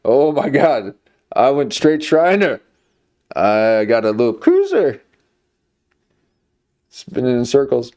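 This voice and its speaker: A man's voice: medium pitch, wildly swooping pitch, slow pace, long pauses, a little mellow. A man streaming, chatting casually in a rambling, jokey way. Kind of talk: casual chat.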